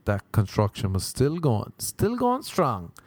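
An Irish man telling a rambling comic story with deadpan asides, swearing and acted-out quoted voices. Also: medium pitch, unhurried, dry recording. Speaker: touring comedian.

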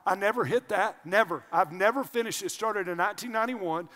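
An older male pastor delivers a lively sermon in a high voice. He swings between loud shouts and hushed asides, and his voice rings out with the long reverb of a large church hall. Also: brisk.

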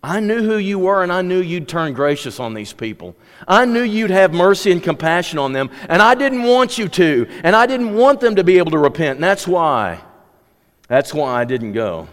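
A man's voice: medium pitch, big pitch swings, slow, long pauses. A preacher voicing an angry, sulking male prophet who pleads to die rather than see his enemies spared. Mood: bitter. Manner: petulant, pleading. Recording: long hall reverb.

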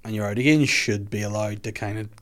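Rambling Northern Irish podcast host. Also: male voice, lowish voice, fast, a bit bright. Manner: laughs a lot, rambling, swears freely. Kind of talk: casual chat.

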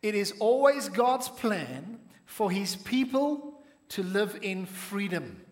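A male pastor preaching a sermon, reading scripture aloud and breaking off into lively asides to the congregation. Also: high voice, takes it slowly.

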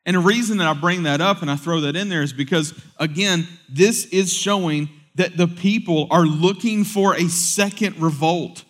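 A man preaching a sermon in a conversational way, swinging between loud, lively bursts and hushed, solemn stretches. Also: high voice, moderate pace, few pauses. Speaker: pastor.

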